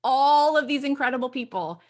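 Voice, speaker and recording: A chatty woman hosts an online course and talks straight to camera in an upbeat way. Her voice sits a little high, and she slips into the lines she quotes as she tells her story. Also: moderate pace. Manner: animated storyteller who acts out quoted lines. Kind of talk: casual talk to camera.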